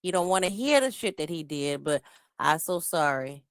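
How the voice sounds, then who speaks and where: A woman's voice: low-pitched, animated, moderate pace, clear, resonant tone, no room sound, studio quality. Blunt, cussing woman streamer. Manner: blunt, cussing, greets chat viewers by name. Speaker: live-stream reaction host. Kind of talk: casual live-stream commentary.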